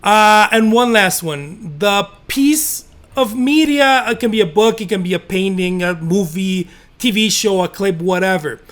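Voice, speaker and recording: A man's voice: high-pitched, a little slow, few pauses, fairly bright tone. A man in his forties hosting an interview, asking questions in an enthusiastic, chatty way over a video call. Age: 40s. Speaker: interviewer, host.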